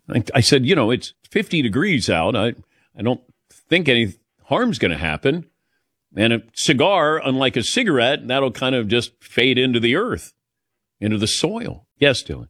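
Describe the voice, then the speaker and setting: A man hosts a casual talk show in a dry, close studio sound, his pitch swinging widely as he tells stories. He laughs often and acts out the people in his anecdotes. His delivery stays chatty and relaxed. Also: moderate pace, no room sound. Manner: storytelling, animated, laughs often. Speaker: sports talk show host. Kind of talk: casual radio show chat.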